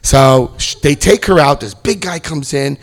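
A middle-aged man giving a comic talk about his recovery, animated and breaking into loud acted-out quotes. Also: on the high side, measured pace. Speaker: speaker sharing his recovery story.

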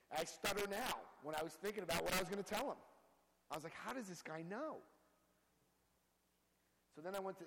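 A man speaking to a recovery group, telling his own story with lively acted-out quotes. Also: on the high side, long reverb tail, rough recording. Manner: storytelling, acts out quotes with big voice jumps. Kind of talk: animated personal talk to a group.

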